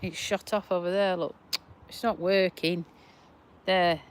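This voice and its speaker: A woman's voice: lowish voice, steady tone, clean tone. A middle-aged woman from Lincolnshire with a South Yorkshire twang, chatting casually on a livestream from her back garden, rambling and sighing as she answers viewers. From Lincolnshire, England. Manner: slow, rambling, sighing, talks to viewers' comments. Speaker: vlogger on a livestream.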